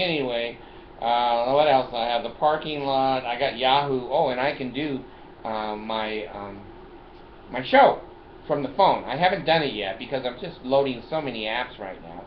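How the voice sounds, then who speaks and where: Sitting in his car, this older male video host talks through his phone and car gadgets with a medium-pitched, expressive voice and a measured pace. His manner is talkative and full of jokes, laughter and salty language. Audio is lo-fi, roomy and muffled, with a little background noise.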